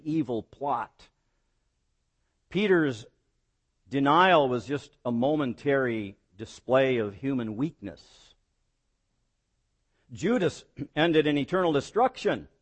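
A man preaching a sermon as pastor, voicing quoted lines with rising emphasis and dropping low on key words. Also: husky.

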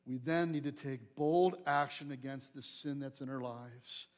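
A man's voice: mid-range voice, measured pace. A pastor preaching a fervent sermon, building to emphatic, searching questions to his listeners.

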